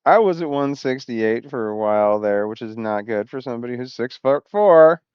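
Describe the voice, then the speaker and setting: A man's voice: medium pitch, lively intonation, normal speed, clear, resonant tone, no echo, dull audio. A man talking to camera in a rambling personal vlog, often losing his thread and swearing a lot. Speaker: vlogger.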